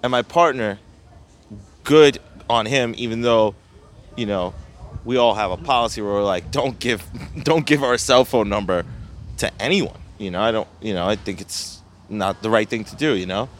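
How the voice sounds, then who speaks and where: A man's voice: lowish voice, moderate pace, slight background noise. A young man, a pizzeria owner telling a story in casual chat, profane and often laughing.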